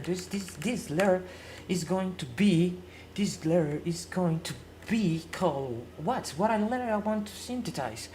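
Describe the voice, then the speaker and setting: A woman with a fairly low voice talks on a live stream in non-native English, her first language Spanish. She repeats phrases as she hunts for words. She plays both sides of an imagined argument, tossing questions back at herself. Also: a little mellow, a little hiss or hum. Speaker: livestreamer. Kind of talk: rambling live-stream monologue.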